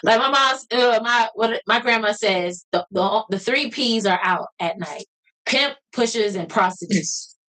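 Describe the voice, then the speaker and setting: A woman's voice: on the high side, unhurried, bright, forceful tone, poor audio. Supportive woman hosting a podcast. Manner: supportive, many affirming "mm-hmm"s, laughs easily. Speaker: podcast host. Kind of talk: casual interview chat.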